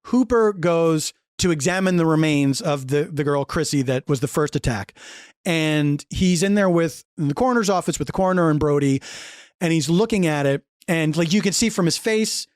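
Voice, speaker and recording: A man in casual podcast chat, telling a film's story with animated asides and acted-out character lines. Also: a little high, clear, resonant tone, no echo, clean studio sound. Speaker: podcast guest recapping a film.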